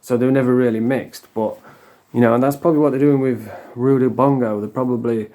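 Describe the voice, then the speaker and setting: A man's voice: medium pitch, fairly even intonation, fairly quick, mellow. A man, ranting bluntly in a casual monologue and swearing freely. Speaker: vlogger.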